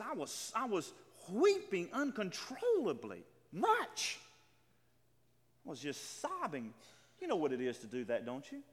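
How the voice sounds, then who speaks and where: Animated high-voiced male preacher. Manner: emphatic, repetitive, stammering restarts, quotes scripture dramatically. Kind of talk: sermon. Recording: reverberant hall.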